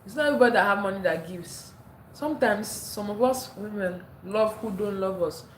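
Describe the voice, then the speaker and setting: A woman's voice: mid-range voice, brisk, reverberant, slight background noise. Chatty African woman live-streaming from home. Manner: chatty, laughs often, reads viewer comments aloud. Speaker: livestream host. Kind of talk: casual livestream chat reading comments. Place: indoors at home. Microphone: phone, later a clip-on mic.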